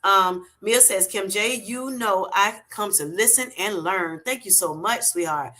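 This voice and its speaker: A middle-aged woman hosting a live stream, reading viewer comments aloud and chatting warmly, calling everyone honey. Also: medium pitch, measured pace. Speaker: livestream host.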